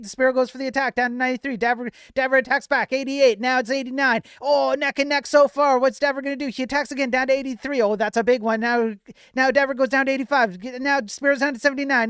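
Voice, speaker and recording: A man putting on an excited sports commentator voice, calling a fight blow by blow in rapid shouted play-by-play. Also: very high voice, clear, resonant tone, no room sound, studio quality, pitched above the performer's own voice.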